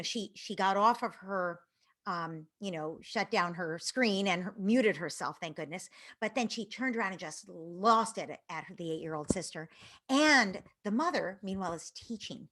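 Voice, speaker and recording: A woman parenting educator giving a live online talk to parents, earnest, with phrases that trail off into breathy near-whispers. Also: mid-range voice, fairly bright tone.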